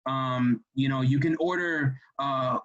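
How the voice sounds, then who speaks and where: A man's voice: medium pitch, slow, fairly bright tone, lo-fi sound. A man giving a casual training talk, full of fillers and restarts. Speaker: real estate trainer.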